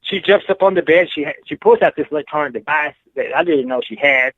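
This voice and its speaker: A man's voice: fairly high pitch, brisk, no room sound. A man from Texas, telling his story as an interview guest in a frank, rambling way, full of "you know". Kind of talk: casual storytelling. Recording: tinny phone line.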